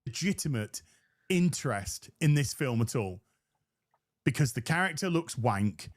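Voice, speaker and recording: A man's voice: mid-range voice, lively intonation, measured pace. A man co-hosting a livestream, talking emphatically and swearing, firing off rhetorical questions. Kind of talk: casual livestream chat.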